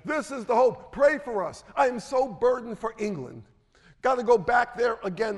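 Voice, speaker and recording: A man preaching a sermon as a guest speaker, emphatic, swinging from shouted lines to hushed asides. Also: extremely high pitch, creaky, big-room sound.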